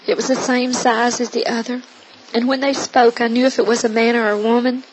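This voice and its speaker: A woman's voice: a little high, flat delivery, a little fast, noisy background. A woman earnestly reading her own first-person testimony in a solemn manner. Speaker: narrator.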